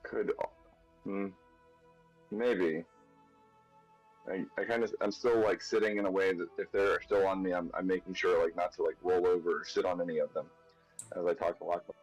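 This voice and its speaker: A man's voice: sits low, little pitch movement, moderate pace, long pauses, darkish tone, muffled recording, faint music behind. A man playing a tabletop game in character, thinking aloud hesitantly with fillers. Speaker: player.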